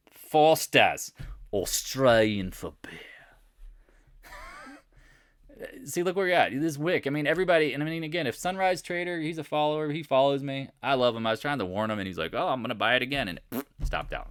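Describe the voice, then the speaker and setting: A man's voice: lowish voice, a bit bright, dry recording, clean studio sound. A man giving a casual, jokey trading recap over charts, talking straight to his viewers and answering questions he imagines them asking. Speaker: market analyst host.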